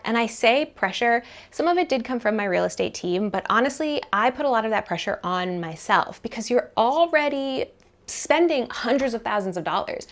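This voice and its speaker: A woman talking to camera about her money in an animated, chatty way, full of casual fillers. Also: mid-range voice. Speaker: personal finance vlogger. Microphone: camera mic, leaning toward camera.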